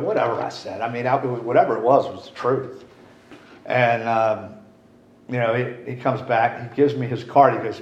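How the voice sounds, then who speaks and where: At a recovery meeting, a middle-aged man gives a candid, rambling share and swears casually. His voice is medium in pitch and moves at a normal speed. The room sounds roomy and dull, with a faint hiss.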